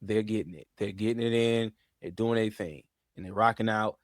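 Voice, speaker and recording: A man hosting a commentary show, talking in a slangy, animated way, swinging between low mutters and loud outbursts and repeating himself. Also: moderate pace, no echo, studio quality. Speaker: host. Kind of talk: casual commentary.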